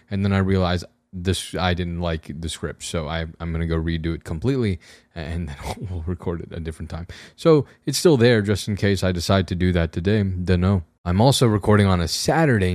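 A young man hosting his own podcast, talking casually in a slightly raspy voice, rambling in a wry, self-deprecating way with frequent restarts. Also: deep voice, darkish tone, dry recording, studio quality. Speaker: podcast host. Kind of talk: casual solo podcast monologue. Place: room at home with a camera on a tripod.

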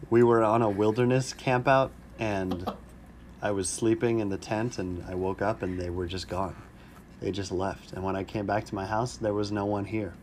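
A man hosting a comedic podcast, telling jokes with a deadpan, mock-sad delivery. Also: on the low side, moderate pace, a little hiss or hum. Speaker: podcast host. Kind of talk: casual comedic podcast chat.

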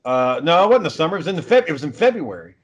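A man's voice: fairly high pitch, sing-song, very fast, highs cut off. A man who is a father, chatting casually and telling stories in a blunt, profane way. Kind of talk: casual chat.

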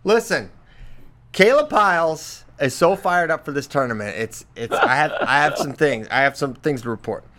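A man's voice: on the high side, expressive, normal speed, fairly bright tone. A man co-hosting a casual wrestling talk show, telling a story with a laugh and acting out the lines he quotes. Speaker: podcast co-host. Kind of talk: casual chat.

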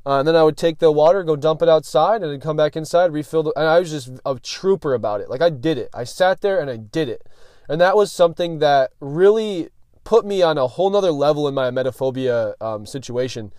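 A young man with a slightly high voice tells a story on his podcast. His talk is loose and slangy, packed with "like" and "dude", and he swears freely. The sound is dry and close. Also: brisk, a little mellow, no room sound. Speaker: podcast host.

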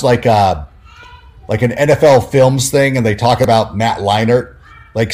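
A man, a sports writer, telling stories casually in an interview, full of fillers and acted-out quotes. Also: fairly low pitch. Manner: animated, many fillers, acts out quoted dialogue.

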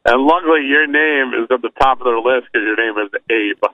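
A man's voice: medium pitch, brisk, dry recording, phone-quality sound. A man co-hosting a podcast in casual chat, mostly adding short, dry interjections and quips. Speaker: podcast co-host, radio worker.

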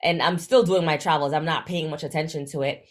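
A young woman with a slightly low voice tells her story as an interview guest. She talks casually and animatedly. She leaps up in pitch whenever she acts out what people said. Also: fairly quick. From Jamaica. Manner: animated, acts out quoted dialogue with big jumps in pitch. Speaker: guest, travel influencer.

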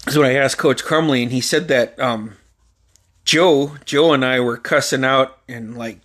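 A man in his forties hosts a podcast, spinning a story in a loose, rambling, profane way and laughing along as he goes. His voice is medium-pitched, a little bright, and unhurried.

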